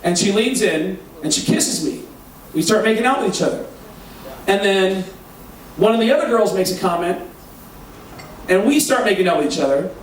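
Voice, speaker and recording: A male stand-up comedian telling a raunchy story on stage, animated and swearing, acting out the voices he quotes. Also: sits high, moderate pace, pauses often, recorded from a distance. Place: comedy stage before a live audience. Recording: echoey live room, mic heard from afar. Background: audience laughter.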